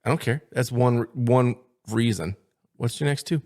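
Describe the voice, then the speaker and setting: A man's voice: mid-range voice, normal speed, dark tone. A man co-hosting a podcast, teasing and pushing his friend in banter. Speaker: podcast co-host. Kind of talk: casual chat.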